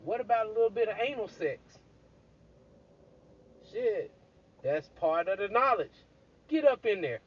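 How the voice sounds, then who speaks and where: A man quoting a pushy, curious talking serpent in a crude, excited way. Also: high-pitched, racing, few pauses, slightly rough, dull audio, pitched above the performer's own voice.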